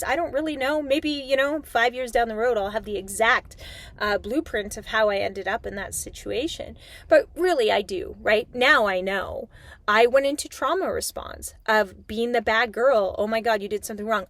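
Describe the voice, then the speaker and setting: A middle-aged woman with a somewhat high voice chats animatedly about tarot and energy, casual and loose with a swear now and then. The sound is close and dry, with little room around it. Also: dry recording. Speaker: tarot reader. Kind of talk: spiritual talk to viewers.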